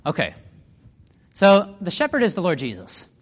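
Man, Bible teacher, animated and fairly high voice, chatty, asks questions, long hall reverb. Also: moderate pace. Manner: lively, conversational, asks the listeners questions. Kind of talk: Bible lesson with slides.

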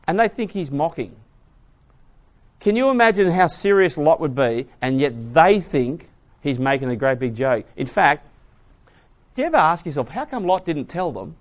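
A man preaching a sermon, retelling a story with lively voices and asking the audience questions. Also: on the high side, normal speed.

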